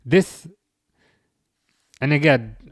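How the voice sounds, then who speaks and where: A man's voice: medium pitch, very slow, no room sound, clean studio sound. A man hosting a football livestream, chatting casually, chuckling wryly and answering comments from chat. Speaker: livestream host.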